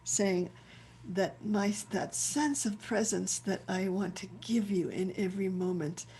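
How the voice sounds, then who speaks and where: A woman's voice: medium pitch, a little slow, dark tone, slight background noise. A woman rabbi giving a reflective spiritual teaching on a video call, searching for words and repeating herself as she thinks aloud. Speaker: rabbi leading a chant session.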